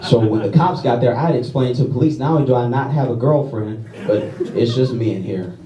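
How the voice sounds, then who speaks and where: A man's voice: medium pitch, fairly quick, recorded from a distance. A man from Louisiana doing a stand-up routine on stage, self-deprecating and conversational, peppering his stories with "okay?" asides. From Louisiana, USA. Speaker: stand-up comedian. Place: large comedy venue with audience. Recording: echoey live venue audio from afar, crowd laughter.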